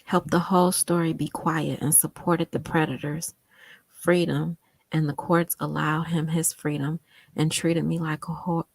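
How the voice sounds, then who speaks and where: A woman with a notably low voice hosts a casual live stream, reading viewer comments aloud. She speaks with impassioned emphasis, repeating phrases to drive them home, and at times sinks to a hushed near-whisper. The sound is dry and close, with no room echo. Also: level tone, a little slow, gravelly, husky. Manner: drops to a hushed near-whisper when moved. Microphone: home desktop setup with monitor.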